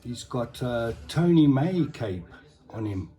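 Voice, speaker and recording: Slow, rambling man showing his collectibles. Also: mid-range voice, sing-song, dark tone, soft background music. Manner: rambling and chatty, with tag questions like "eh?". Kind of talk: casual show-and-tell vlog.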